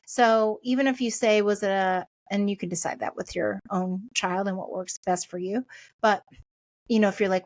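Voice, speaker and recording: A woman in her thirties hosts a podcast on her own, speaking gently and conversationally. She wanders through her points with frequent fillers and restarts, in a voice of ordinary middle pitch. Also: moderate pace. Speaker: podcast host. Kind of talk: casual solo podcast talk.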